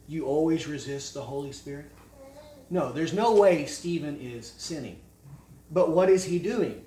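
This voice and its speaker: Male preacher, slightly high voice, forceful with pointed rhetorical questions, miked from a distance in an echoey room. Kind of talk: expository sermon.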